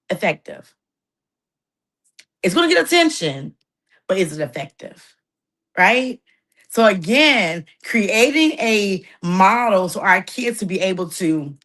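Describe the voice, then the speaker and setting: A woman speaks earnestly in a relaxed, conversational way, as if talking with a room of parents. She keeps checking in with her listeners by asking "right?" and her voice sits at an ordinary middle pitch. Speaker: workshop speaker on parenting communication. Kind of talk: informal talk to parents.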